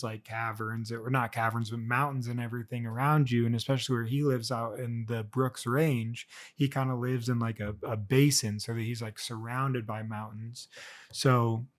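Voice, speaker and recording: Young male vlogger, casual unscripted monologue, mid-pitched, lots of filler words and restarts. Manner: rambling, many fillers and restarts.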